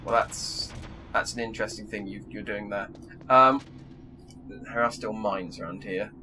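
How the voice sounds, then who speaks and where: A man's voice: on the low side, a little slow, noisy background. A man in his thirties co-hosting a let's-play, dry, wordy and self-mocking. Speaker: co-host of a gaming channel. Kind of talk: casual let's-play commentary.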